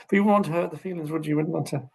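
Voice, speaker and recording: Middle-aged man, podcast guest; gravelly, husky, a bit higher-pitched, animated explainer. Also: very fast, low-quality recording. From United Kingdom. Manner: animated storyteller, acts out quoted speech. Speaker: guest, social care researcher. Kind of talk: conversational podcast interview.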